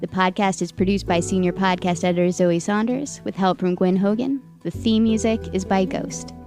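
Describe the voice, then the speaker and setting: A woman hosting a podcast, reading a measured scripted outro and credits. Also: medium pitch, steady tone, dark tone, faint music behind. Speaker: podcast host.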